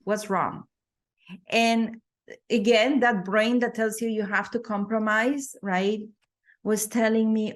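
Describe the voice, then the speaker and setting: A woman's voice: mid-range voice, steady tone, slow. A middle-aged woman sharing her personal story as a podcast guest, thoughtful, with frequent fillers and restarts.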